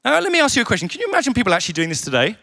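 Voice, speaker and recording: A man's voice: very high-pitched, rapid-fire, gravelly. A man preaching a sermon at a leaders' conference, telling stories with humour and acting out the voices of the people he quotes. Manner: animated storytelling with humour. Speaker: conference speaker. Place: conference venue.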